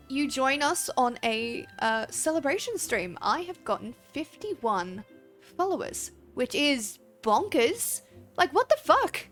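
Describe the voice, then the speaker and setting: A woman's voice: on the high side, fairly bright tone. A woman streamer chatting casually with viewers while playing a game, laughing often and swearing freely. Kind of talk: casual livestream chat.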